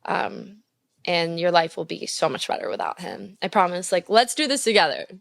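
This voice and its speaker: A woman's voice: on the low side, expressive, moderate pace, creaky, dry recording. Blunt, gushing young woman podcast host. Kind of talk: casual advice chat.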